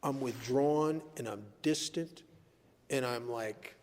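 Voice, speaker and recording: A man speaking at a recovery meeting, telling stories in an animated way and laughing at his own tales. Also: medium pitch, slow. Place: meeting hall. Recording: echoey hall recording.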